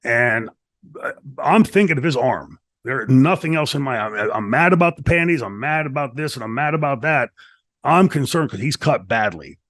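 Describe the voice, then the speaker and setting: A middle-aged man tells a backstage wrestling story in an animated, profane way, acting out what people said along the way. His voice sits at an ordinary male pitch. The studio sound is dry and close. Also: normal speed, no echo. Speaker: retired wrestler telling a story. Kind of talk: shoot interview storytelling. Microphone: studio mic.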